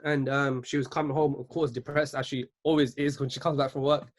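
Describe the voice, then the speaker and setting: A man's voice: mid-range voice, flat delivery, brisk. A man in his twenties giving an earnest motivational talk at a virtual business event, often checking in with "right?". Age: 20s. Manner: earnest, keeps asking "right?".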